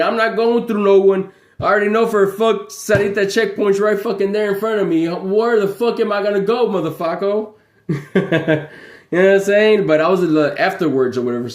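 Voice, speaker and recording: A man's voice: sits high, roomy sound. A man rambling on a livestream, swearing constantly and laughing between heated stories. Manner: profane, animated, laughing storyteller. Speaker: livestream host.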